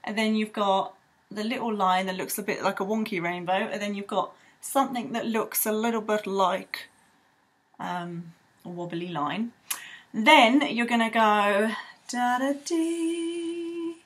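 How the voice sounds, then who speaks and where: A woman's voice: medium pitch, lively intonation, normal speed, fairly bright tone, slightly rough. A young woman teaching children to draw in a bubbly, rambling way with playful sound effects. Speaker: art tutor. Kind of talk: drawing tutorial for children.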